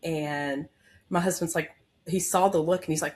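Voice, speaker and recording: Her voice sits low and moves fairly quickly, with slight background noise around it. She is a labor and delivery nurse in her thirties, telling a heartfelt, candid personal story in a podcast interview with plenty of fillers and real emotion.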